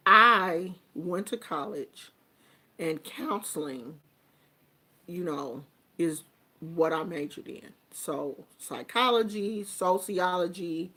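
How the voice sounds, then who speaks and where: A woman's voice: on the low side, fairly bright tone. An older woman, a grandmother, talking earnestly and reflectively about family and communication in a casual monologue. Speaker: vlogger giving life advice.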